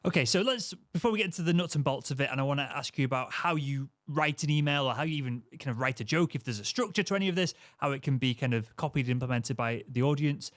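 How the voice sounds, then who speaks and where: A man's voice: medium pitch, fast talker, few pauses, a bit bright, no echo, clean studio sound. A man hosting a podcast, asking long, rambling questions full of hedges. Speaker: podcast host. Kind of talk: podcast interview.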